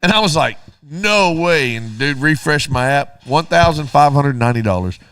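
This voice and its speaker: A man's voice: on the high side, animated, moderate pace, a bit bright, smooth, no room sound, clean studio sound. A middle-aged man, co-hosting a radio show and telling a story casually while acting out both sides of the dialogue.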